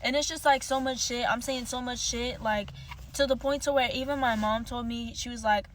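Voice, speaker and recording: A woman's voice: a little high, fairly even intonation, moderate pace, slight background noise. A young woman telling a storytime monologue, heated, profane and rambling.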